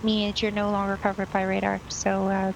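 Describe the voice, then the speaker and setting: A woman's voice: medium pitch, completely flat delivery, gravelly. Woman on noisy ATC radio. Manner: brisk, clipped radio phrasing. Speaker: air traffic controller.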